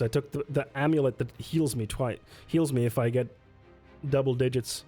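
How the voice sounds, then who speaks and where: A man at an ordinary middle pitch, streaming a solo tabletop game in a loose, chatty way. He reads rules aloud, mutters while moving pieces, and answers his chat between turns. Faint music plays softly behind him. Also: normal speed. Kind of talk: casual livestream play-through.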